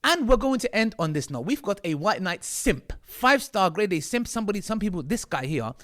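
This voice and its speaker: A man's voice: sits high, big pitch swings, brisk, a bit bright. A man from the UK with a combative, mocking manner, commenting on video clips of his critics. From United Kingdom. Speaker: online commentator.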